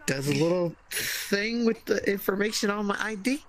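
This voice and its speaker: A man casually telling a funny anecdote to friends, with wry, sarcastic, deadpan asides. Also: sits high, moderate pace. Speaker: storyteller.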